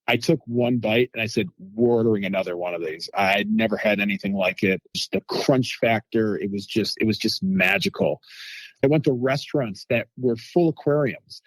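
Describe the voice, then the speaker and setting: A man telling lively food anecdotes as a guest in a casual interview, acting out quotes from people he met. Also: on the low side, moderate pace, no echo. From United States. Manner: animated anecdotes with quoted voices.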